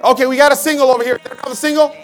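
A man leading a live motivational seminar at a sales convention, energetically shouting directions to the crowd. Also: very high voice, flat delivery, racing, faint music behind. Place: large convention hall with a crowd. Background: crowd of hundreds.

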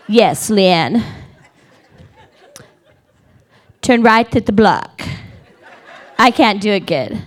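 A middle-aged woman telling a funny personal story to a live audience, animated and dramatic, building tension with repeated phrases. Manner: animated, dramatic, repetitive build-up with wailing high quotes. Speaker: speaker at a women's gathering.

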